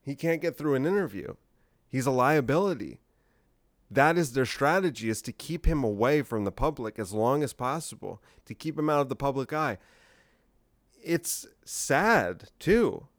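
A man's voice: medium pitch, animated, normal speed, no echo, studio quality. A man hosting a solo podcast, rambling in casual commentary with incredulous, sarcastic asides. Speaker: podcast host.

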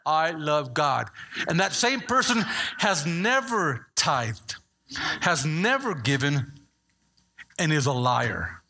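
A man preaching a sermon as pastor, animated and playful, joking with the congregation between points. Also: on the high side, slow, pauses often, slight background noise.

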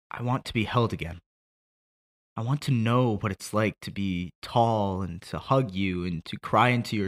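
Man performing an anguished grown son at his father's grave, low voice, bright edge, swearing, cracking from yells to hushed pleading. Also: exaggerated voice. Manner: swings from shouting to broken quiet. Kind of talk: script read aloud as a monologue.

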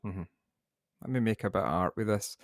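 A man's voice: fairly low pitch, a little fast, no echo, studio quality. A Scottish man co-hosting a casual podcast, musing in an easygoing, hesitant way. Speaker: podcast co-host.

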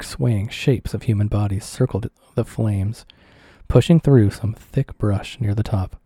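A man narrating a first-person memoir aloud in a measured, somber, deliberate way. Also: lowish voice, warm tone, no room sound, studio quality. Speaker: audiobook reader.

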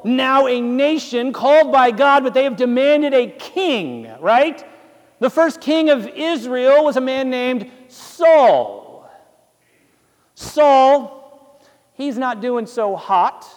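A man's voice: extremely high pitch, in a large hall. A male pastor preaching a sermon, telling the story dramatically and asking his listeners rhetorical questions.

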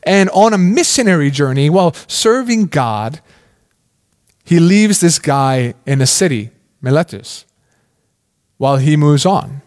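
A man's voice: on the high side, expressive, a little slow, a little mellow. Casual, conversational male preacher. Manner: conversational, questioning, with many "like" fillers. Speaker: pastor. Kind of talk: sermon.

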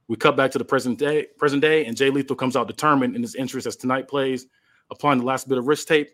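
A man's voice: mid-range voice, steady tone, quick pace, a bit bright. A male podcast host casually narrating a made-up wrestling storyline, with fillers.

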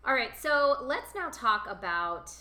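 Bright woman hosting an interview. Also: sits high, big pitch swings, unhurried. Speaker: podcast host. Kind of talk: casual interview.

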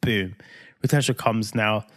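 A man, co-hosting a podcast, telling a lively story and repeating himself when he gets worked up. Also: lowish voice, measured pace. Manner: animated, acts out both sides of phone calls. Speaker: podcast co-host. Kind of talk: casual storytelling chat.

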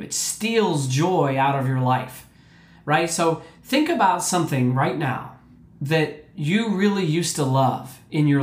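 A man's voice: on the high side, roomy sound. A man working as a clinician, giving an informal health talk to shelter residents and keeping in touch with his listeners through repeated check-ins. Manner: conversational, keeps checking in with "right?" and "okay?"; repeats words and restarts often.

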